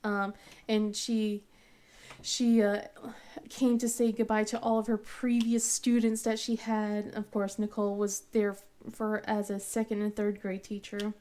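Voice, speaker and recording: A woman's voice: mid-range voice, little pitch movement, measured pace, warm tone. A woman in her thirties hosting a craft channel, telling a family story in a rambling, casual way with lots of fillers and restarts, often laughing as she goes.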